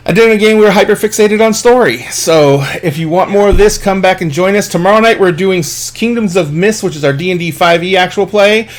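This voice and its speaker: A man's voice: high voice, a little fast, hardly any pauses. A man hosting a live stream, wrapping up with an upbeat, rambling sign-off full of fillers. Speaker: stream host.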